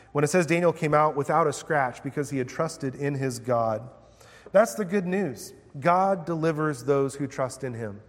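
A man's voice: fairly high pitch, long reverb tail. A man preaching a sermon, reading scripture aloud with dramatic emphasis and then explaining it in plain words. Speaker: pastor.

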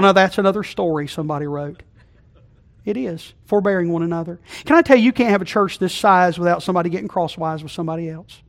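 High-voiced folksy preacher, loud to hushed. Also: male voice. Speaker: pastor. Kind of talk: sermon. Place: church sanctuary.

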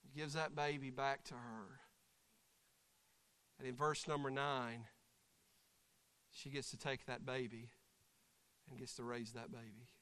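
A man preaching a sermon, staging a live acted illustration with congregation members and breaking into shouted voices of the story's figures. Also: mid-range voice, a little slow, long pauses. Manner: animated, acts out voices and shouts during the story. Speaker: pastor. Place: church sanctuary. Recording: long church hall reverb.

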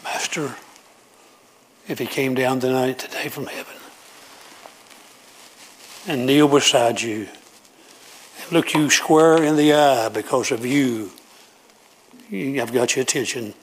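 A man's voice: mid-range voice, measured pace, pauses often, slight background noise. A man preaching a sermon, emphatic and repetitive as he pleads with his congregation.

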